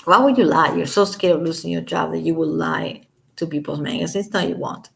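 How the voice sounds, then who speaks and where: A woman's voice: deep voice, steady tone, brisk, creaky. A woman giving casual commentary as a vlogger, reading statements aloud and breaking off with sarcastic, scoffing asides.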